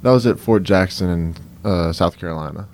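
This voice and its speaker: A man's voice: low-pitched, brisk, a little mellow, a little hiss or hum. A young man with a Cajun accent from South Louisiana, answering interview questions in an easygoing way with many fillers. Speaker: guest. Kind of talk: conversational interview.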